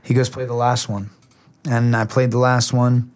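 A young adult man, a musician, telling a long story in casual talk, halting and restarting often. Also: mid-range voice, little pitch movement, darkish tone. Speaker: musician guest.

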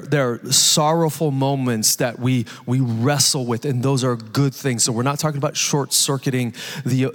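A man in his thirties giving a lively, conversational live sermon as pastor, joking and asking the congregation questions. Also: mid-range voice. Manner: energetic, conversational preaching with jokes and audience questions. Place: large church hall. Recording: live church hall reverb.

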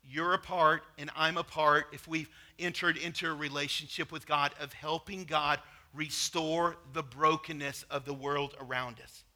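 A man's voice: a little high, fairly even intonation, moderate pace, few pauses, sharp tone. A middle-aged man preaching a sermon, talking to the congregation conversationally and telling personal stories. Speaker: pastor.

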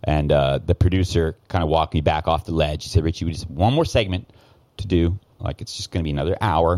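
A man's voice: a bass voice, fast talker, darkish tone, no echo. A man telling a story in casual podcast talk, heated and profane, often restarting his sentences. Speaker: guest, former news cameraman.

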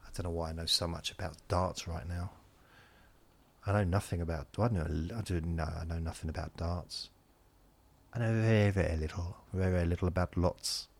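Man, deep low voice, sleep podcast host, rambling monologue, self-interrupting. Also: steady tone, fairly quick, creaky, darkish tone. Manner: meandering, self-interrupting, drifting between points.

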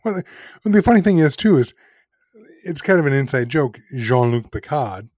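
A man co-hosting a casual podcast, speaking at an ordinary middle pitch. He is sarcastic and laughs and swears freely as he critiques. The sound is dry and close. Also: very animated, normal speed, a little mellow, dry recording. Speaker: podcast co-host.

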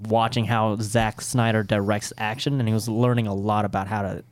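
A man co-hosting a casual pop-culture chat, excitable and joking, with slangy talk. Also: fairly low pitch, brisk. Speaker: podcast co-host.

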